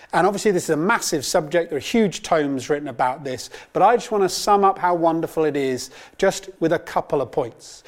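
A man's voice: fairly high pitch, darkish tone. Earnest man teaching a Bible course. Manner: earnest storytelling with personal anecdotes. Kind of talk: sermon-style teaching talk.

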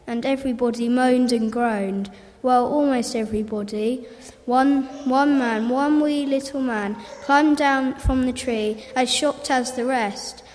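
A woman reading a children's story aloud in a lively, repeating storybook manner. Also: high-pitched, measured pace. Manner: lively, repetitive storybook phrasing. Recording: roomy hall reverb.

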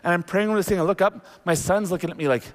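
Animated pastor preaching in a reverberant hall. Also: male voice, sits high, very fast, noisy background. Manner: animated storytelling, jumps into acted quotes. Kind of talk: sermon. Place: church sanctuary. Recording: long reverb of a large hall.

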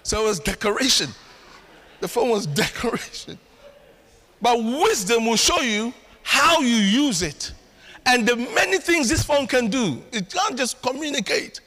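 A man preaching a sermon as pastor, animated and storytelling with acted asides. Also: extremely high pitch, measured pace. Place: church hall. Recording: long hall reverb.

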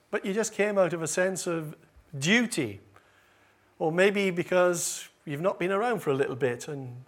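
At a church service, a man preaches earnestly, his volume swelling on key phrases amid gentle asides and small hesitations. His voice sits on the high side, with lively intonation at a normal speed.

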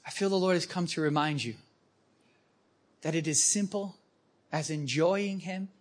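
A man preaching to a live audience, telling stories with animated emphasis. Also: a little high, a little slow. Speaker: guest preacher. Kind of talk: storytelling sermon.

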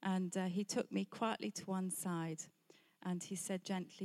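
A woman's voice: on the low side, steady tone, measured pace, a little mellow. A middle-aged woman preacher sharing a candid personal testimony in a sermon, telling her story with light laughs between points.

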